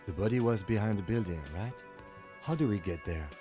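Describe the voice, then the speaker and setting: An actor playing a measured, reserved male police lieutenant in a video game, with game music behind him. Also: on the low side, natural voice. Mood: composed. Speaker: police lieutenant, detective's partner.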